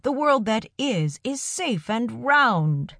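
A woman voicing a gentle, nervous teacher man. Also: on the low side, expressive, takes it slowly, dry recording, studio quality, full character voice. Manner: gentle, soft, stammering under strain. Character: kind, nervous male village teacher.

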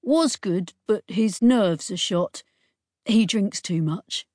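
A woman reading an audiobook, voicing a slight, odd young man with vacant intensity who reports things flatly. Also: mid-range voice, slow, no room sound, studio quality.

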